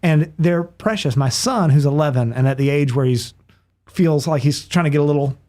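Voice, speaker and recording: A man's voice: on the high side, normal speed, dark tone. A man talking as a podcast guest in casual conversation, earnest and heartfelt, often restarting his sentences.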